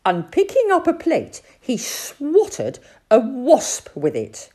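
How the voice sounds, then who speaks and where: A woman narrating a storybook in an expressive, playful way. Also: sits high, takes it slowly. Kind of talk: storybook reading.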